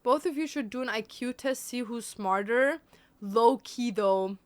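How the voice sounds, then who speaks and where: A woman's voice: on the high side, measured pace. A woman, chatting casually and bluntly on a livestream, teasing and joking. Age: 20s. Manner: blunt, teasing, switches between English and German. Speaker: streamer.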